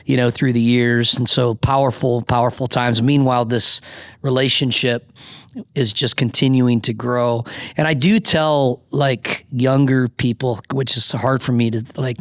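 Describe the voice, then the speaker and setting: A middle-aged man, a pastor, telling a personal story on a podcast with quick asides and self-deprecating humor. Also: medium pitch, fairly even intonation, dry recording. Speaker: founding pastor, guest.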